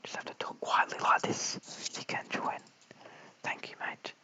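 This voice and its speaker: An Australian man giving whispered cricket commentary late at night at home, mic held very close, hushed and apologetic as he chats with viewers. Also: unhurried, poor audio. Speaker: live stream cricket commentator. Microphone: held very close to the mouth.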